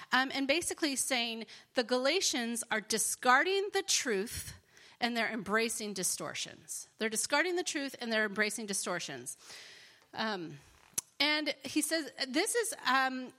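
A woman giving a conversational Bible teaching, earnest and expressive, with frequent fillers. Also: sits high.

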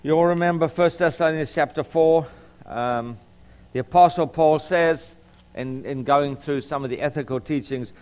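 A middle-aged man from Southern California delivers Bible teaching in a sermon style. His voice sits a little high for a man, and he talks earnestly, stumbling over repeated words and pausing on ums as he works through his points. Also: darkish tone, clean tone. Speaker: lawyer teaching a Bible class.

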